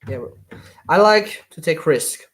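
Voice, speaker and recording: A live streamer chatting casually while building with LEGO, answering viewer comments in slightly awkward non-native English, with lots of pauses and restarts. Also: mid-range voice, animated, a bit bright. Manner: hesitant, many fillers and restarts.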